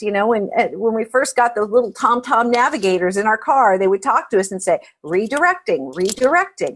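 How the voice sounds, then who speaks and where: A woman speaking as an interview guest, explaining in a conversational storytelling way and repeating words as she starts a thought. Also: a little high.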